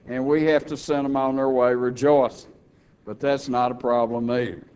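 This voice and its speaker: A man's voice: medium pitch, steady tone, normal speed, darkish tone, clean tone. A man preaching a sermon with a Texan accent, folksy and humorous between passages of scripture. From Texas.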